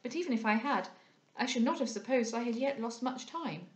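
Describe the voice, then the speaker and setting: A composed, polite young heiress in a period storybook, read by a woman close to her own voice. She speaks in a measured, gently ironic tone, slightly raised in pitch. The recording has a roomy echo. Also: expressive, natural voice. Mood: wry.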